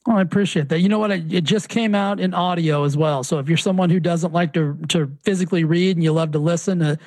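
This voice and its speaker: A fast-talking man with a fairly high voice and a Southern accent, a fitness coach and author, is a guest on a casual podcast interview. He tells stories animatedly and restarts often. The recording is dry, with no room sound.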